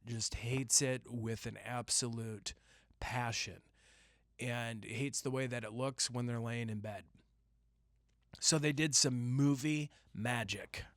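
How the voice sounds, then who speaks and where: A young man hosting a solo podcast, telling rambling jokey stories and breaking into sudden loud yelps. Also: mid-range voice, no echo, clean studio sound. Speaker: podcast host. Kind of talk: casual solo podcast rant.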